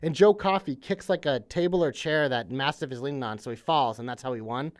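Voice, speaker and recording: A man's voice: mid-range voice, brisk. A young man co-hosting a wrestling podcast, chatting casually and leaning on "literally" and "like.". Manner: chatty, says "literally" and "like" a lot. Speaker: podcast co-host. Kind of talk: casual chat.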